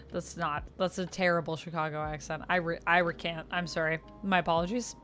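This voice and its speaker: Chatty woman with a low voice. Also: expressive, normal speed, fairly bright tone. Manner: chatty, reads out and thanks viewers. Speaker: livestreamer. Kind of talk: casual livestream chat while coloring. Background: faint background music.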